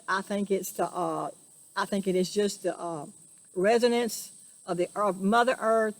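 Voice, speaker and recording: A woman's voice: medium pitch, darkish tone, no echo. A woman giving an earnest, emotional spiritual monologue, preaching and repeating herself. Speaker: spiritual vlogger.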